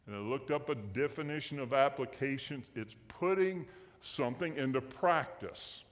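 A man's voice: mid-range voice, normal speed, big-room sound. A man preaching a sermon as pastor, in a folksy, joking way, asking the congregation questions in a church sanctuary.

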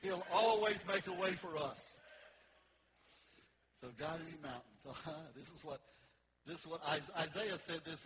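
A pastor preaching a sermon in a church, swinging between loud fervent preaching and soft sung lines, out of breath. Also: male voice, fairly high pitch, poor audio.

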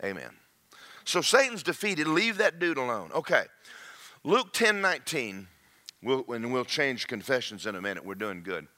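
Animated preacher man, bright voice. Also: mid-range voice, moderate pace, no echo. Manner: lively, joking, acts out quoted voices. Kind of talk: sermon.

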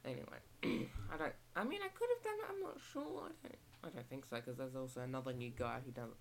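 A young Australian woman rambles on about her retail job in a relaxed, chatty way, now and then slipping into the voices of customers and coworkers. Her voice sits low and has a gravelly fry. Steady hiss runs under the home recording. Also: fast talker. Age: young adult. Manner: rambling, chatty, acts out shop exchanges. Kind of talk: casual rant vlog.

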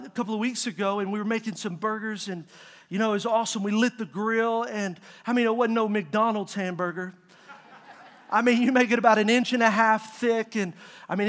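A middle-aged man preaching a sermon, telling a family story with lively asides and calling out questions to the congregation. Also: high-pitched. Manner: animated storytelling with audience call-outs. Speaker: pastor.

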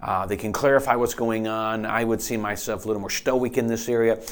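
A middle-aged man preaching a sermon in an unhurried way, often repeating words and rising in pitch and volume when he reads scripture aloud. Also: steady tone. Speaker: pastor.

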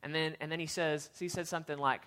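A youth pastor giving a casual, storytelling sermon, chatty and animated, with lots of fillers and restarts. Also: male voice, on the high side, fast, clean tone.

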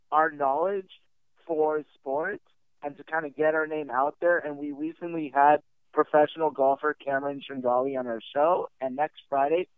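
Man's earnest pitch over a tinny line. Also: clear, resonant tone, no room sound. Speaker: guest podcaster. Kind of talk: promotional pitch.

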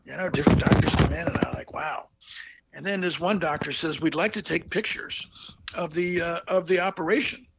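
Gravelly man, halting and heartfelt. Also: a little high, big pitch swings, highs cut off, heavy background noise. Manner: halting, heartfelt, many fillers and restarts. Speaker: guest telling his story. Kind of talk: personal storytelling interview.

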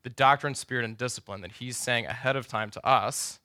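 A man's voice: mid-range voice, fairly quick, bright, forceful tone, dry recording, clean studio sound. A middle-aged man, a pastor, giving a conversational lecture at a university chapel with joking asides and self-corrections.

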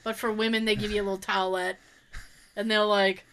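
A woman casually telling an anecdote in an animated, expressive way and swearing freely. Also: mid-range voice, brisk, clean tone.

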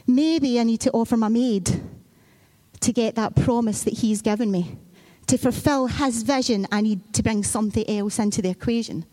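High-voiced woman preaching conversationally. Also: moderate pace, dark tone. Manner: conversational storytelling, acting out children and Bible figures. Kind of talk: sermon.

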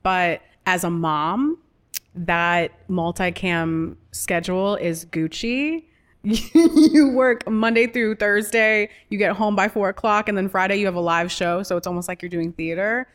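A woman from the United States, an actress talking as a guest in a casual interview, animated and playful and quick to laugh. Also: medium pitch.

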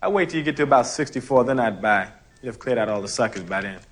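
An actor playing a brash young con man turned trader in a film scene, talking fast and cocky in streetwise slang. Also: mid-range voice, animated, a little hiss or hum, close to an everyday voice. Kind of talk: film dialogue.

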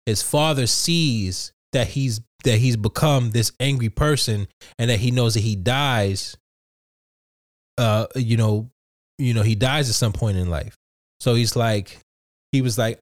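A man chatting casually, telling a story loosely and excitedly with lots of swearing and restarts. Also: mid-range voice, a little slow, no room sound, clean studio sound. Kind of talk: casual chat.

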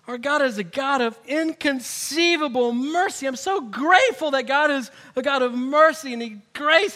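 A male pastor delivers an animated sermon, punching some lines loudly and dropping others to a near whisper. His voice is high and bright, and it cuts through clearly. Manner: animated, swings between loud emphasis and hushed asides.

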